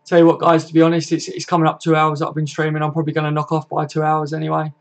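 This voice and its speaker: A man's voice: fairly high pitch, completely flat delivery, very fast. A young man hosting a casual live stream from his home computer setup, chatty and matey and swearing freely. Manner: chatty and matey, swears often, reads chat aloud. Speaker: livestream host.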